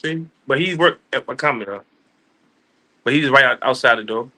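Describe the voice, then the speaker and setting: A man in casual chat on a video call from his office, talking in loose slang with lots of halting restarts. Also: medium pitch, sharp tone. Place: office at work.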